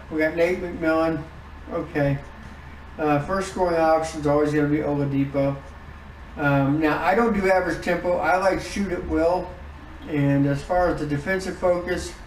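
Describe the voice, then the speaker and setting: A man giving casual commentary on his own game season, reacting out loud to each win and loss. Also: on the high side, reverberant, distant mic, a little hiss or hum, rough recording. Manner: emotive, groans and exclaims over results. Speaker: gaming YouTuber.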